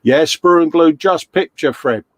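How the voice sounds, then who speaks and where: A middle-aged British man with a British English accent hosts a casual live stream from his home workshop, chatting and reading out viewers' messages. His voice is a little high and unhurried, with no room sound.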